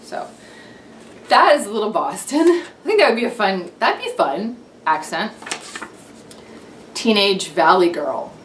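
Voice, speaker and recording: A woman's voice: medium pitch, big pitch swings, measured pace, pauses often, echoey room, slight background noise. A woman vlogging in a chatty, self-deprecating way. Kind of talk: casual comedic vlog.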